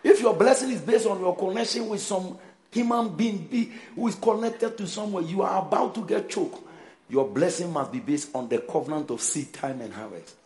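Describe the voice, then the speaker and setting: A man's voice: sits high, moderate pace, darkish tone. A man preaching a sermon as pastor, emphatic, with call-and-response and repeated phrases.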